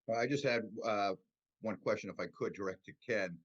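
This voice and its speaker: A man's voice: fairly low pitch, a little fast. A man speaking for the applicant at a public board meeting, conversational and rambling. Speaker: applicant representative. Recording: dull lo-fi audio.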